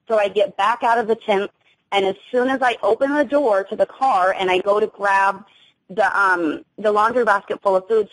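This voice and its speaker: A woman's voice: mid-range voice, poor audio. A young adult woman gives an emotional first-person account as an interview guest, often stopping to restart her sentences and using many fillers. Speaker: guest recounting an encounter.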